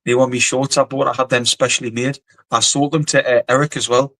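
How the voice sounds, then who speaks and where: A man's voice: mid-range voice, level tone, brisk, fairly bright tone, dry recording, poor audio. Blunt, sweary Geordie man telling stories. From North East England. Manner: blunt, swears freely, rambling with many fillers. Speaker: guest, former soldier and boxer. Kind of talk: casual storytelling interview.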